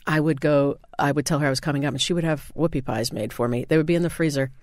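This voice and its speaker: A man's voice: on the high side, steady tone, fast talker, dry recording, clean studio sound. A man who is a chef guest, chatting casually and enthusiastically about food.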